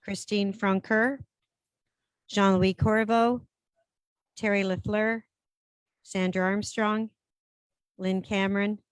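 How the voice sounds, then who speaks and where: A woman chairing a regional council meeting in a brisk, procedural way, switching between English and French. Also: medium pitch, little pitch movement, clean tone, no room sound. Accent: Canadian French-English bilingual.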